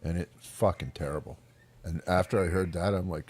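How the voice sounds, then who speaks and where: A man's voice: sits low, normal speed, husky, no echo. A man co-hosting a casual guitar chat, blunt and swearing freely as he gets worked up about playing. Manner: blunt, swears freely, animated when excited.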